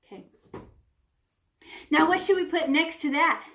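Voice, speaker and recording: A woman teaching children a painting lesson, talking as she paints, playful and animated with little sound effects. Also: high voice, measured pace. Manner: talks while painting, demonstrating step by step. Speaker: art teacher.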